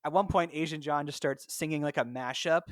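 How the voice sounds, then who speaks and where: A man's voice: on the high side, a little fast, no echo. A man hosting a podcast in casual chat, upbeat and laughing easily, recorded remotely. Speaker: podcast host. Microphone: remote call mic.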